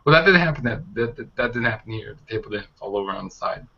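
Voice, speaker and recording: Young male host, rambling casual talker, bright edge, muffled lo-fi call sound. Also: lowish voice, expressive, quick pace, creaky. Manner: rambling, many fillers. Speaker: wrestling show reviewer, host. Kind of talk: casual review chat. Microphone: online call mic.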